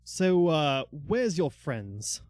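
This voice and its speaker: A man's voice: a little high, sing-song, very slow, darkish tone, no echo, full character voice. A man voicing a hesitant, breezy castle guide. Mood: hurried. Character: male guide leading the party through a castle.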